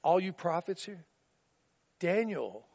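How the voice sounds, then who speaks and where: A preacher voicing a calm male messiah. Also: high-pitched, slow, gravelly, exaggerated voice. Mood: announcing. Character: Jesus, a calm male messiah announcing himself. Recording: dull recording with long reverb.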